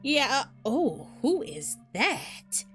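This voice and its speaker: Woman doing a flirty barmaid, high, drawn-out, teasing, faint music behind. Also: big pitch swings, fairly bright tone, heavily acted. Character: sly flirty woman barkeeper.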